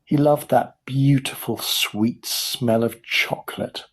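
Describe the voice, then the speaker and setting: A man narrating a children's story for English learners in a clear, measured storytelling voice. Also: mid-range voice, steady tone. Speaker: audiobook narrator.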